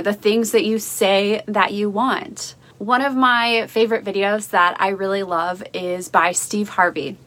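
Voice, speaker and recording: A woman's voice: medium pitch, a bit bright. A young adult woman hosting a motivational podcast, talking in an upbeat, encouraging storytelling way over a livestream recording. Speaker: podcast host. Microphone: livestream video recording. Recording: faint music behind, Facebook Live audio.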